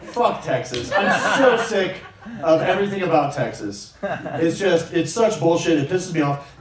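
A man doing a profane, sarcastic stand-up set, ranting on stage before a live audience. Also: sits high. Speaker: stand-up comedian. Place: comedy club stage with audience. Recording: live room echo, distant mic, crowd. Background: audience laughter.

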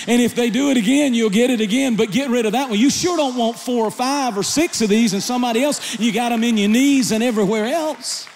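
A man preaching a sermon as a pastor on stage, moving between quiet storytelling and loud shouted exhortation. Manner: preaching with rising intensity, shouting at climaxes; drops to a low, quiet storytelling voice. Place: large church hall. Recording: live sermon with long hall reverb.

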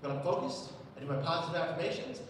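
A man on stage tells a comic story with lively energy, acting out each character. His voice sits high. It comes from a distance and echoes around a large hall with a long reverb, over a clear hum of room noise. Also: quick pace. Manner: animated comic storytelling, acts out quoted voices. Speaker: public speaker. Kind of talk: live storytelling keynote.

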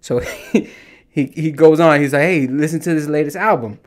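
Profane, animated man in his thirties. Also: a little high, normal speed. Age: 30s. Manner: animated, profane storytelling with mimicked dialogue. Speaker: podcast host. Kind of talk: casual solo rant.

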